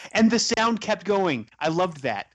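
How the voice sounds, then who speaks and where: A man co-hosting a casual podcast about movies, animated and quick to act out scenes in funny voices. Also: high-pitched, a little hiss or hum. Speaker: podcast co-host.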